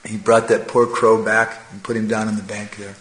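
A man telling a moral fable as part of a religious talk, animated, with frequent tag questions and chuckling asides. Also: on the low side, moderate pace. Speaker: religious storyteller. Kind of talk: sermon storytelling. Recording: echoey room.

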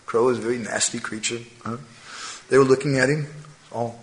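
A man telling a moral fable as part of a religious talk, animated, with frequent tag questions and chuckling asides. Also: medium pitch, a little fast. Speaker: religious storyteller. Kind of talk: sermon storytelling. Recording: echoey room.

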